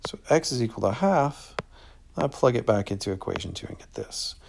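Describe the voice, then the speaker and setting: A man who is a math teacher, casually talking through an answer key and thinking out loud in an upbeat way. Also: mid-range voice, lively intonation, normal speed, creaky, slight background noise.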